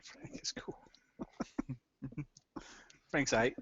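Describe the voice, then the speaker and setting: A man playing a tabletop game, gruff and dismissive. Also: very slow, a bit bright, in a whisper. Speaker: player. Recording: dry muffled recording.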